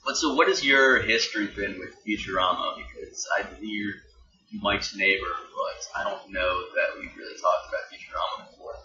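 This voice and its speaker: A man's voice: lowish voice, moderate pace. A man hosting a casual podcast chat, wry and teasing as he asks his guest questions. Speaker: podcast host. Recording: roomy, dull, noisy home podcast recording.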